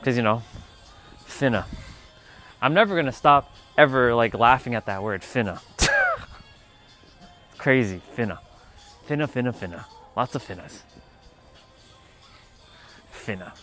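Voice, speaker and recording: This livestream host has a mid-range, somewhat bright voice. He chats casually, playfully repeating a funny word and laughing at it.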